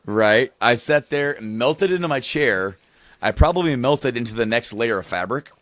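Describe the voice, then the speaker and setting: A man co-hosting a casual podcast, rambling through a funny story, laughing often and getting excited as he goes. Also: mid-range voice, normal speed, dry recording, clean studio sound. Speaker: podcast co-host. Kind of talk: casual chat, telling a story.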